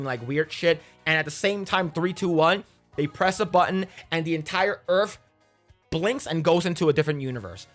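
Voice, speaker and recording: A man's voice: fairly high pitch, a bit bright. A man giving a casual, rambling movie recap, crude and profane and full of fillers. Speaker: movie reviewer.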